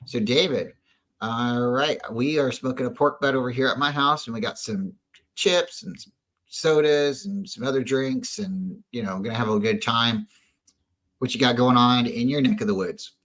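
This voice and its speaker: A man's voice: mid-range voice, moderate pace, fairly bright tone, low-quality recording. A man co-hosting a casual sports fan show, telling rambling stories with many restarts. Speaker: podcast co-host.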